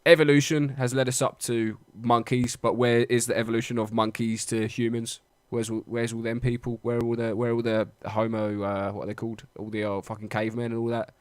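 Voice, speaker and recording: A man's voice: mid-range voice, level tone, a little fast, few pauses, smooth, no echo. A young man co-hosting a podcast, chatting casually, sweary and jokey. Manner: sweary, jokey, puts on mock voices. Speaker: podcast co-host. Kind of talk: casual banter.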